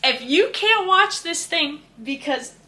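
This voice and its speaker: A woman's voice: very high voice, lively intonation, slow pace, pushed and bright. A young woman hosting a podcast, laughing often and swearing while she wraps up the episode. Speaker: podcast host. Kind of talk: casual chat.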